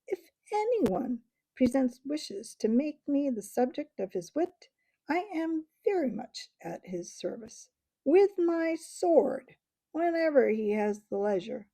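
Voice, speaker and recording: A woman voicing a proud, valiant male mouse knight with a shrill voice and formal, courtly speech. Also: normal speed, warm tone, natural voice, poor audio.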